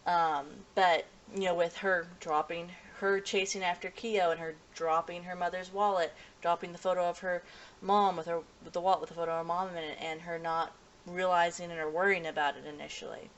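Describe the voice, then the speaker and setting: A woman with a slightly low voice talks through an anime episode off the cuff. She rambles, corrects herself mid-sentence, leans on fillers and keeps breaking into small chuckles. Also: fairly even intonation, fairly quick. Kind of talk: casual unscripted review.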